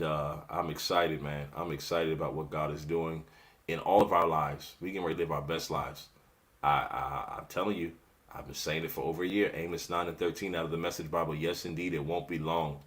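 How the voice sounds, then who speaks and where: A man with a somewhat low voice talks straight to his live-stream viewers like a motivational coach. He is animated and laughs often. He slips into preacher-like calls to his audience.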